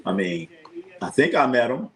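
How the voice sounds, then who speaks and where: A man's voice: mid-range voice, very animated, moderate pace. A man hosting a sports livestream, telling rambling stories in a casual chat style, repeating phrases and quizzing his chat.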